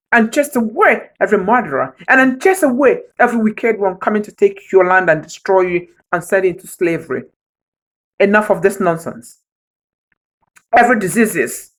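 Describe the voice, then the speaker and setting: A woman giving an emotional, preacher-like spoken appeal, pleading and repeating phrases for emphasis. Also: mid-range voice. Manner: emotional, says her heart is broken. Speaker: vlogger.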